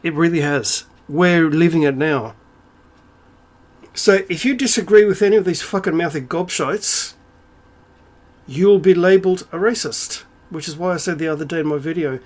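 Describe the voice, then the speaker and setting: Guy ranting at the camera, kinda high voice, swears a lot, sarcastic, lots of "right?" and ums. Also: moderate pace. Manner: profane, sarcastic, indignant; rhetorical asides and frequent fillers. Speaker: video creator.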